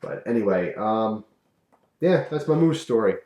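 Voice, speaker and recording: A man casually telling a personal story to camera, animated and chuckling, acting out the voices of the people in it. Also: on the low side, a little slow. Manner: animated, acts out quoted voices, chuckles often. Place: room at home. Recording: roomy echo.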